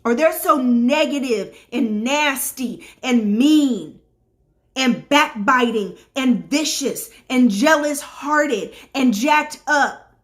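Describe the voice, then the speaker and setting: A woman's voice: high voice, slow. A middle-aged woman life coach giving a motivational talk straight to her viewers, emphatic and repetitive like a preacher.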